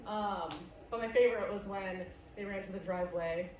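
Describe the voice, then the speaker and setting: A young woman from the US Midwest telling a stand-up story with brash, deadpan punchlines and plenty of swearing. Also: mid-range voice, normal speed, distant mic, lo-fi sound, heavy background noise. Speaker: stand-up comedian. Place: comedy club stage. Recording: roomy live club, loud audience laughter.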